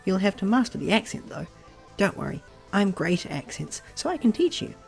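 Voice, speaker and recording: A woman playing a former streamer, handing out absurd advice in a deadpan, matter-of-fact way in a comedy audio drama. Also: mid-range voice, a little fast, vocal fry, soft background music.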